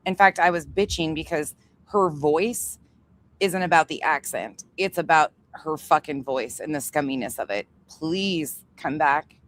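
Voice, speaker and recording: Blunt, swearing woman with a low voice. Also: measured pace, fairly bright tone, a little hiss or hum. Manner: blunt, profane, heated. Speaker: commentary channel host. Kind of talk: livestream commentary.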